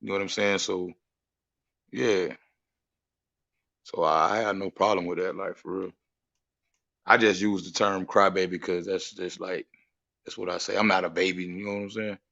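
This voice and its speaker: A man talking as a guest on a casual livestream, animated and laughing often, with "you know what I'm saying" tags. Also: low voice, normal speed, creaky, long pauses. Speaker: guest content creator. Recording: muffled stream audio.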